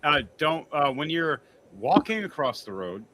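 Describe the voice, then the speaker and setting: A man co-hosting a casual livestreamed podcast, animated and often laughing as he tells stories. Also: on the high side, a little slow. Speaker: podcast co-host.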